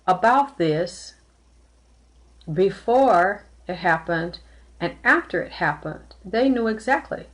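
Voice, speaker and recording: A woman's voice: a little high, lively intonation, a little slow. A woman giving a live-streamed tarot and spirit reading, talking earnestly and emotionally, often repeating herself. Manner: close to tears at times. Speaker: tarot reader and psychic.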